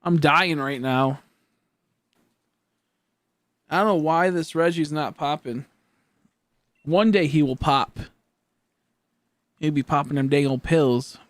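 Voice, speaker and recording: A young man chats through a gaming stream, worn out but still cracking silly jokes. His voice sits a little high and sounds close and dry, with no room around it. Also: a little slow, long pauses, no echo. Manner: goofy, joking banter with silly rhymes. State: tired. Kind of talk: casual live-stream chat.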